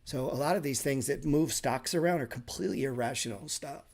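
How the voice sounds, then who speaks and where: A man's voice: mid-range voice, fairly quick, darkish tone. A man teaching a live class on trading, talking bluntly and emphatically with lots of swearing and sarcastic asides. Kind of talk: casual live class talk.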